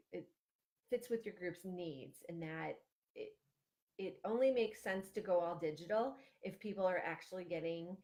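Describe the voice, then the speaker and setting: Her voice low and dark in tone, a thirtysomething woman from Ohio, USA, chats through advice for parents on a livestream. The talk is casual, heavy with fillers and restarted sentences.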